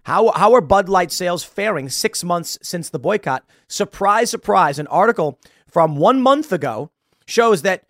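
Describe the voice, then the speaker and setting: A man's voice: sits high, measured pace, dry recording, clean studio sound. A man hosting a political podcast, talking through a sarcastic, mocking commentary monologue. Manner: sarcastic, animated, mocking asides. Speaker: podcast host.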